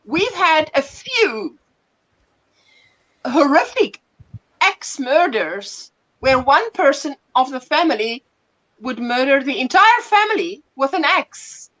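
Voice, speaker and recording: A woman with a South African accent hosting a casual livestream chat, telling stories with animated bursts of laughter. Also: sits high, takes it slowly, poor audio. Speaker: livestream host.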